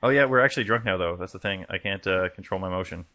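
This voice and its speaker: Player, man, very deep, gravelly, wry casual commentary. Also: fast talker, bright, forceful tone, dry recording. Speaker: let's play player.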